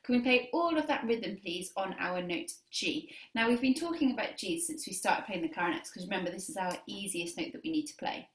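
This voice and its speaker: A woman's voice: medium pitch, expressive, brisk, hardly any pauses, fairly bright tone. Woman, clarinet teacher, encouraging, counts students in, echoey room, distant camera mic. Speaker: music teacher. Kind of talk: beginner clarinet lesson video.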